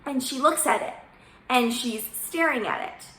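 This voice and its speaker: A young woman casually telling a story from her bakery work, chatty and animated as she acts out what people said. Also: high-pitched, a little slow. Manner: chatty, animated retelling with quoted dialogue. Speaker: baker, channel host. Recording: echoey room.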